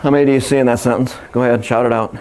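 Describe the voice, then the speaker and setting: A man's voice: mid-range voice, steady tone, racing, a little mellow, clean tone. A man giving a live seminar presentation, joking and speaking directly to his audience. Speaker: workshop speaker.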